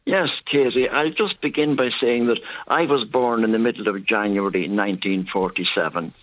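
An older man from County Monaghan with an Irish accent, calling in to a radio show and telling a long, detailed story at an unhurried pace. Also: lowish voice, dry recording. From Ireland. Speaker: caller. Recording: tinny phone line.

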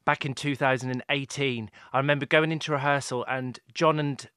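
A man who works as a choreographer, a guest on a radio chat, speaking calmly and plainly. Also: medium pitch, fairly quick, smooth, no echo, studio quality. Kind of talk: casual radio interview.

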